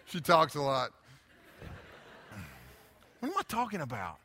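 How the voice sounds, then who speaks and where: A man's voice: on the high side, huge pitch swings, measured pace, sharp tone. A man preaching a sermon as a pastor, telling casual, digressive, humorous stories. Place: church. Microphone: handheld or stand microphone. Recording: reverberant church hall.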